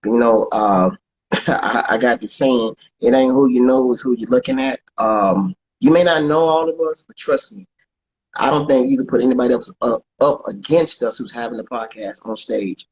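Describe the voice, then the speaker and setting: Casting: man, comedian guest, halting conversational delivery, mid pitch. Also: low-quality recording. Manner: halting, repeats words, plugs his show. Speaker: comedian guest and podcast co-host. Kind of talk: casual interview chat.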